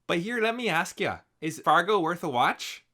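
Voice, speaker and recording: A man hamming up a put-on Minnesota accent in a playful, drawn-out way. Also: high-pitched, lively intonation, bright, forceful tone, voice pushed up, exaggerated voice. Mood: jokey. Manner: playful, drawn-out, exaggerated vowels.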